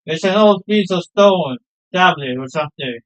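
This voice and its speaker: A man's voice: high voice, expressive, moderate pace, clean tone, low-quality recording. A man reading aloud the lines of a proud, sentimental fisherman father in a game, in a homely, storytelling way. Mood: cheerful.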